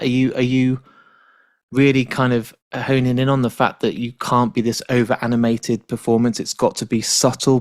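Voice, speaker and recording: A man's voice: medium pitch, dry recording, studio quality. A man hosting a podcast interview, asking long rambling questions with open enthusiasm. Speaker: podcast host. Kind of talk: casual interview chat.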